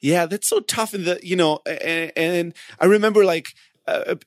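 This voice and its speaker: Halting, animated man on a podcast. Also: high-pitched, no room sound, clean studio sound. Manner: halting, many restarts, bursts of animated retelling. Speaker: podcast co-host. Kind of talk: casual conversation.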